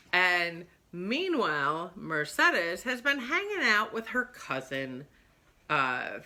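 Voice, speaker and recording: A woman's voice: lowish voice, sharp tone. A middle-aged woman chatting casually about books, rambling and going off on tangents. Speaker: book vlogger. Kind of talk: casual book chat.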